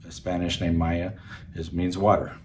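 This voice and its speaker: A man's voice: low-pitched, flat delivery, normal speed, darkish tone. A man learning phrases from his wife in a casual home lesson, hesitant and joking, repeating words as he goes. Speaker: language learner, host. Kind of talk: casual language lesson chat. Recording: distant mic, faint room noise.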